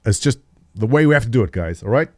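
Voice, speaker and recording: A man's voice: mid-range voice, lively intonation, fast talker, no room sound, studio quality. A man in his thirties, host of a livestream, chatting casually and jokingly, answering viewers by name. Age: 30s. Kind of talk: casual chat with live chat readers.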